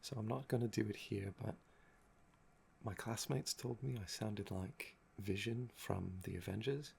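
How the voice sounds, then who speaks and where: A young man with a gravelly, fry-laden voice, talking in a soft-spoken ASMR chat that meanders and trails off. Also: on the low side, a little slow, slight background noise. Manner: meandering and musing, often trailing off with "um". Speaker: ASMR channel host.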